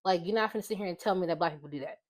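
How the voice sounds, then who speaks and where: Animated rambling young woman vlogger. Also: fairly low pitch. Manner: animated, rambling, quick to exclaim. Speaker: vlog host. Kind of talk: casual opinion vlog.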